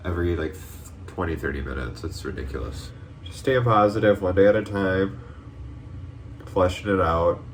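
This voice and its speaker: Low-voiced young man vlogging over music. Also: a little hiss or hum. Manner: rambling, chatty, lots of fillers. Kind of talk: casual vlog talk to camera. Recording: background music, voice a bit distant. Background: soft background music.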